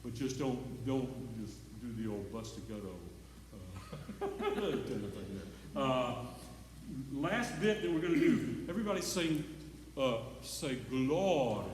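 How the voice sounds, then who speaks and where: Choir director in an echoey hall. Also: male voice, medium pitch, animated, a little slow, distant mic, a little hiss or hum. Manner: demonstrates lines by singing them, chatty and encouraging. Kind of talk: choir rehearsal coaching.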